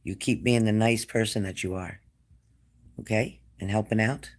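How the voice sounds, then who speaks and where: Man giving a gentle psychic reading. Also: on the low side, fairly even intonation, moderate pace. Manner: repeats phrases, gentle and coaxing. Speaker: spirit medium giving a reading. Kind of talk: reassuring psychic reading to a client.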